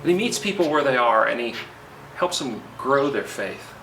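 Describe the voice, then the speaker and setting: Middle-aged guy preaching outside, pitch bounces all over, kinda far from the mic, echoey, birds faint behind. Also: expressive, a bit bright. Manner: conversational, pauses with fillers. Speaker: pastor. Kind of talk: sermon. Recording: roomy, from a distance, faint outdoor noise.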